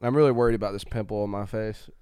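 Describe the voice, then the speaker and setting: A man's voice: lowish voice, steady tone, rapid-fire, a little mellow, smooth, no room sound, studio quality. A young man co-hosting a podcast, trading slangy jokes and banter. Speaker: podcast co-host. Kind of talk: casual podcast chat.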